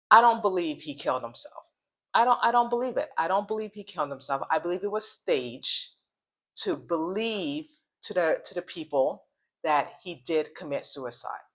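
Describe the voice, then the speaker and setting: Rambling woman vlogger, repeats herself. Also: lowish voice. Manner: spells out hard words slowly. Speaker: channel host. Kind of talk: casual commentary vlog.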